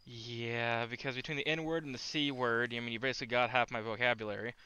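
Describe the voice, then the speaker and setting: A man's voice: mid-range voice, fairly even intonation, fairly quick, pushed and bright, smooth, rough recording. A man joking crudely and teasing friends in casual gaming voice chat. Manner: joking, profane, laughs often. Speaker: gamer on voice chat.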